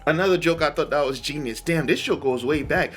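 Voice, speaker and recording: A man's voice: a little high, fairly quick, fairly bright tone, slightly rough, soft background music. A man hosting a reaction video, talking in a laid-back, slangy way and laughing often. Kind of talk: casual chat.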